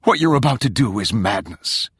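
A man narrating an audiobook gives a full character voice to a defiant, furious young woman confronting her scheming father, angry and pleading in an urgent, accusing, raised voice. His lowish voice is sing-song and fairly bright with a breathy edge, at normal speed. The recording is dry and studio quality.

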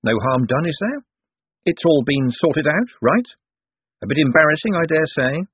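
Man playing a wordy, ironic young man, lifted pitch, husky, tinny. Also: expressive, normal speed, no echo. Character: glib, articulate young man in charge. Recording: tinny phone-like sound.

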